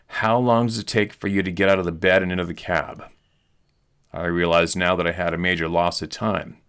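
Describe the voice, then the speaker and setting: A male host reading a listener's eyewitness letter aloud in an earnest, steady storytelling manner. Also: deep voice.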